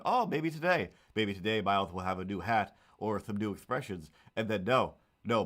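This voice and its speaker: A man's voice: lowish voice, fairly bright tone. A man chatting casually on a livestream while drawing, rambling with self-mocking, playful asides. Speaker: streamer.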